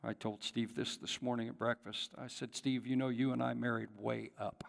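A man's voice: medium pitch, little pitch movement, moderate pace, creaky. A man preaching a sermon to his congregation, calling out to them and acting out the voices in the story. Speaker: pastor. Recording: long hall reverb.

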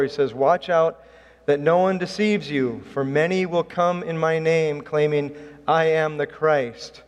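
Earnest preacher man in a reverberant hall. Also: fairly high pitch. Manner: earnest, emphatic preaching with rising bursts. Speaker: pastor. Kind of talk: sermon.

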